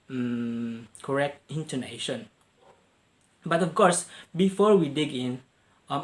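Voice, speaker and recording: A man introducing a lesson on intonation, speaking to his listeners directly in a measured way. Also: on the high side. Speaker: student presenter.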